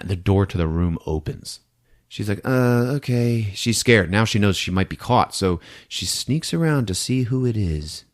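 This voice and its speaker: A man hosting a podcast, casually retelling a film plot with lots of laughter and acted-out bits. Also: low-pitched. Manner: animated, laughing often, acting out scenes. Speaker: podcast host. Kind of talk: casual movie recap.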